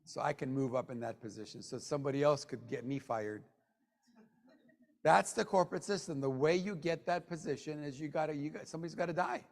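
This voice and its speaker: Guy with a high voice doing a sales training talk, jokey, goes quiet then loud, lots of hall echo. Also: brisk. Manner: joking, swings from low mutters to loud bursts. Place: meeting room with an audience. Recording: long hall reverb.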